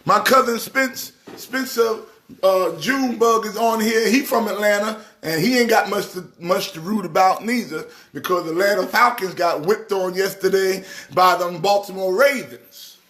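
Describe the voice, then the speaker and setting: A middle-aged man from New York hosts a casual live stream about sports. His voice sits high, and he teases viewers in an animated way. At times he slips into the rhythm of a preacher's exhortation. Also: normal speed. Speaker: church organist hosting a live stream.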